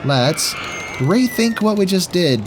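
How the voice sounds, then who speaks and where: Talking to himself while playing, a man hosting a gaming video delivers silly, joking commentary. His high voice is sing-song and slow, and there's background noise.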